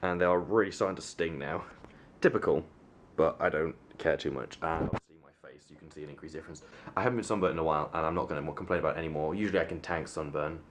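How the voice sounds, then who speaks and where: A young Englishman talks to his camera in a hotel room, rambling and poking fun at himself, his voice sitting very low. Faint background noise runs under his casual, filler-heavy chat. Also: quick pace, few pauses. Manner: rambling, self-mocking, many fillers and restarts. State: sunburnt. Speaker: vlogger.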